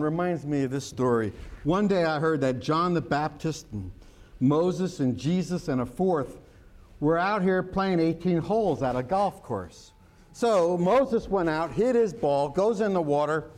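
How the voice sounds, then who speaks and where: A man with a high voice preaches at a slow, deliberate pace. He works jokes and stories into the sermon and leans on key words for emphasis. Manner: humorous, joke-telling preacher. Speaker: pastor.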